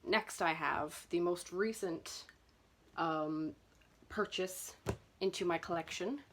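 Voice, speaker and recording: A woman's voice: fairly low pitch, takes it slowly, noisy background. A young woman chatting nervously and self-consciously through her book collection for a vlog. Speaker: booktuber. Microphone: camera mic.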